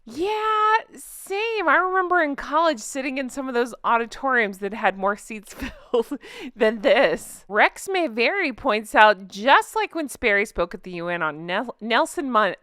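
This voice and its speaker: Bright, lively sarcastic woman host. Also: medium pitch, clean tone, no echo, clean studio sound. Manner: chatty and sarcastic, laughs often. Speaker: channel host reacting to online comments. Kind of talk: casual chat, reading and reacting to comments.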